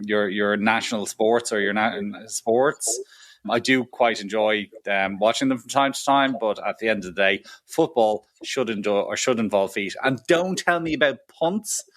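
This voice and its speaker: A man's voice: mid-range voice, normal speed, a bit bright. A man with a British accent, a podcast guest in casual chat, dry and teasing with mock offence. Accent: British English.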